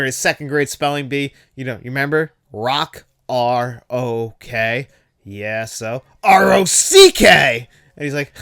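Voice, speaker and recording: Give me an enthusiastic male host with a clean, smooth voice talking movies casually. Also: medium pitch, a bit bright. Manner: enthusiastic, laughs at quoted lines.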